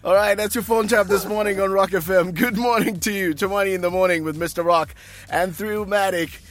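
A man's voice: high-pitched, steady tone, a little fast. A man hosting a morning radio show, bantering upbeat with his co-hosts. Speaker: radio host.

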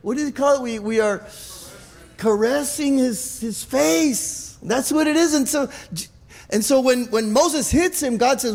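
High-voiced, gravelly preacher in a hall. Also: male voice, measured pace. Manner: animated, repeats words, calls for amens. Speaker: pastor. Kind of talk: sermon.

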